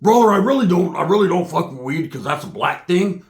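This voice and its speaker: A man putting on the voice of a blustery, crude drug dealer who calls everyone brother, gruff and loud. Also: sits high, expressive, brisk. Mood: scheming.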